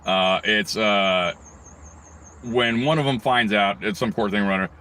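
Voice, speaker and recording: Angry guy venting on his vlog, low voice, swears nonstop, faint road noise. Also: a little slow, pushed and bright. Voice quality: rambling, heavy swearing, mocking asides. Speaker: video blogger. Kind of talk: angry profane rant.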